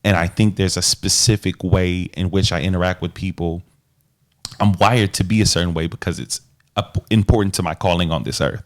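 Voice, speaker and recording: A man's voice: deep voice, steady tone, brisk. A man co-hosting a podcast, talking in an earnest, reflective way with loose casual slang. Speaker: podcast co-host. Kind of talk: casual relationship chat.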